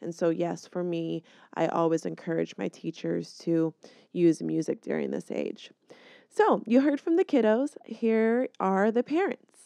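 Smooth, mellow woman explaining yoga teaching. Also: fairly low pitch, very animated, unhurried, dry recording. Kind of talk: explaining teaching methods to camera.

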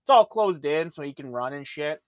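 A podcast host from Ontario, Canada, rambles through laid-back, profane stories in a casual monologue. His voice is slightly high, animated and smooth, at a normal speed, captured in a dry, clean studio recording.

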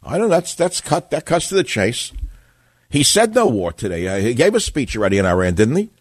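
A man's voice: medium pitch, very animated, fairly quick, dry recording, studio quality. An older man hosting a call-in talk radio show, speaking in a combative, opinionated way with rambling asides.

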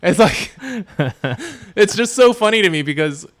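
A man co-hosting a casual podcast, chatty and quick to laugh. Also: sits high, sing-song. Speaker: podcast co-host. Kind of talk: casual group chat.

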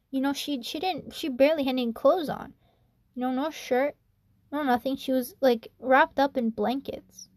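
A woman's voice: high-pitched, fairly even intonation, moderate pace, a little mellow, dry recording. A woman student telling a story in a rambling, casual way, full of "you know" and "I'm like", sounding anxious and hard on herself. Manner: anxious, self-reproaching.

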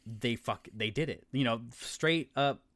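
A man co-hosting a podcast, telling stories in an excitable, rambling way and swearing casually. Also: mid-range voice, measured pace, no room sound, clean studio sound. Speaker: podcast co-host. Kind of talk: casual chat.

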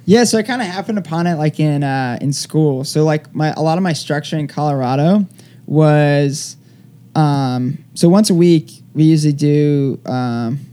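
A young man tells his story in a loose, rambling way, filling every pause with "like" and "um." His voice sits a little high for a man. The tone is soft and mellow. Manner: rambling, heavy use of "like" fillers. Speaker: guest. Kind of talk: casual storytelling interview.

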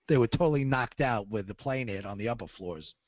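On the radio, a man with a medium-pitched, animated voice recounts his survival in the first person at a normal speed. He's earnest and acts out the people in his story with raised voices. The recording has no room sound and its highs are cut off.

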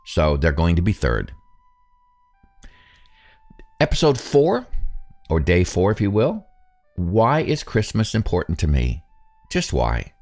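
A man in his sixties hosts a reflective solo podcast, thinking aloud in a casual, self-deprecating way. His voice sits very low but moves through a wide, lively range. Faint music plays behind him. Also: slow pace, long pauses. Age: 60s. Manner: musing, conversational, self-deprecating. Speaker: podcast host.

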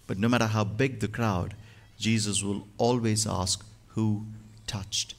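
A man's voice: fairly low pitch, fairly even intonation, moderate pace, creaky. Man preaching a dynamic sermon. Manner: dynamic, swings from hushed to loud and emphatic. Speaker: pastor.

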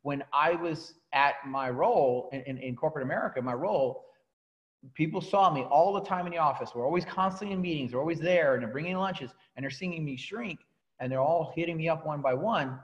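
A man giving a motivational talk to a coaching team, telling his story in an animated way and often restarting his sentences. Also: a little high, a little fast, lo-fi sound. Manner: animated storytelling, repeats words and restarts, laughs at himself.

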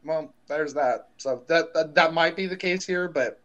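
A man's voice: on the high side, unhurried, muffled recording. Slangy young man in casual chat. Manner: animated, slangy, lots of fillers. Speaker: podcast co-host.

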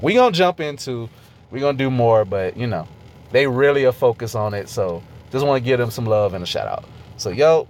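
A man in casual podcast chat whose voice swings widely in pitch as he talks. He laughs often and swears freely, with a faint hiss of noise behind him. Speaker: podcast co-host.

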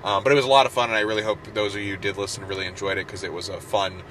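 A male podcast co-host with a bright, forceful voice chats casually and cracks jokes with plenty of swearing. He delivers the show's wrap-up plugs in a loose, animated way. Faint background noise sits under his voice. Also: fairly low pitch, very fast. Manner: joking, swears freely, animated.

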